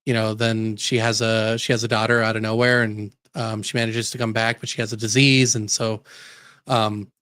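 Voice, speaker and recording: A man co-hosting a podcast, recounting stories in animated casual chat. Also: on the low side, normal speed, clean tone, no echo, studio quality. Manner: animated storyteller, laughs while talking. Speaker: podcast co-host.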